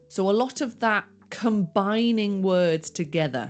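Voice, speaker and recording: A woman explaining everyday English expressions in a lesson. She speaks at a middle pitch, with a clear teaching delivery and read-aloud example lines. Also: moderate pace, hardly any pauses, soft background music. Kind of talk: scripted language lesson.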